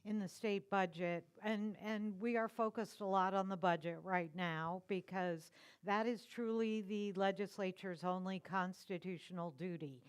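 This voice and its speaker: Slow, measured woman explaining policy. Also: medium pitch, steady tone, clear, resonant tone. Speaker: policy advocate guest. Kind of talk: explanatory public talk on the state budget.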